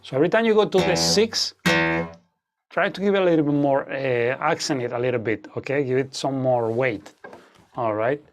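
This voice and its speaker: A man's voice: mid-range voice, normal speed. A man teaching an online guitar masterclass, explaining rhythms with frequent fillers and "okay?" check-ins.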